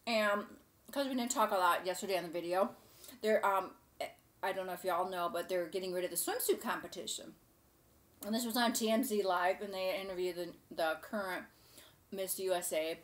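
A woman's voice: mid-range voice, moderate pace. A woman hosting a casual cooking show, chatting to camera in a gushing, rambling way.

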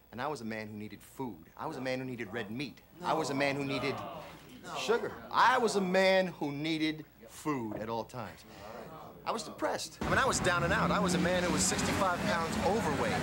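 An actor playing a flamboyant middle-aged self-help guru on an infomercial, pitching in a repetitive motivational cadence. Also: male voice, lightly acted. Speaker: infomercial host. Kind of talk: film infomercial performance.

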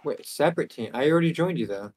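A man's voice: on the high side, animated, fast, a little mellow. A man making dry, wisecracking remarks while playing a game with friends. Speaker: gaming friend. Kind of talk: casual gaming chat.

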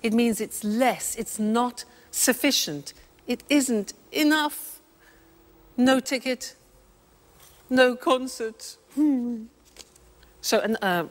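A woman teaching English, explaining words slowly and acting out short example dialogues. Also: a little high. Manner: deliberate, spelling out words and acting out little dialogues. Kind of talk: slow classroom explanation. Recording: reverberant room.

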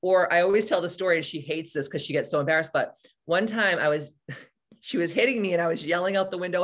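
A woman's voice: on the low side, fast talker. A woman in her forties, a spiritual coach, talking casually to live-stream viewers in a blunt, profane and candid way. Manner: animated, answers viewers by name.

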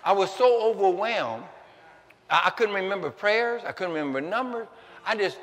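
Bright high-voiced male pastor, hall reverb. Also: lively intonation, normal speed. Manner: repeats words and restarts, rising to shouts. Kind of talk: storytelling sermon. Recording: long hall reverb, faint noise.

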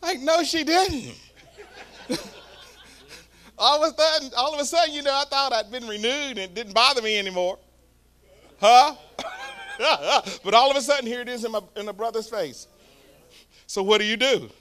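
A man preaching a storytelling sermon, swinging from hushed asides to loud shouts. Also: extremely high pitch, moderate pace, long pauses. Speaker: guest preacher. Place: church sanctuary.

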